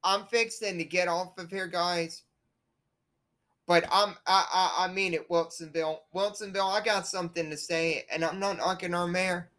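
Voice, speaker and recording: Speaking at normal speed in a fairly low, steady voice with a bit of brightness, a young woman who hosts her own home-made show delivers a bitter and repetitive rant, swearing at length to her viewers.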